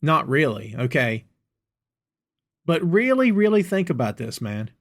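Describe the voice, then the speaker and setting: Folksy exasperated American podcast host. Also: male voice, fairly high pitch, sing-song, unhurried. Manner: folksy, exasperated, talks straight to listeners. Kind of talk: solo political commentary podcast.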